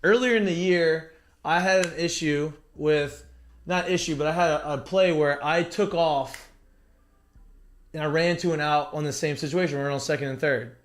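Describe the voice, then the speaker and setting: Animated storytelling man, fairly high voice. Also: moderate pace, echoey room. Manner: animated, swears freely, acts out quotes. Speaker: former college baseball player, podcast guest. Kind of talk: casual storytelling chat.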